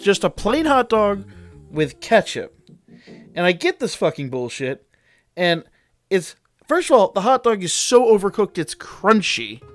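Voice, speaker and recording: Give me a game streamer, a man with a slightly high voice, ranting casually and cussing to his chat. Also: fairly bright tone. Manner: rambling, profane, answers chat. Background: faint background music.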